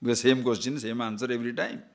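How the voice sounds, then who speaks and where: A man's voice: mid-range voice, fast talker, gravelly. A man giving a spiritual discourse, telling jokes and short stories, repeating phrases and asking listeners questions. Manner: lively, repetitive, jokes and chuckles, asks listeners questions. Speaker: spiritual teacher.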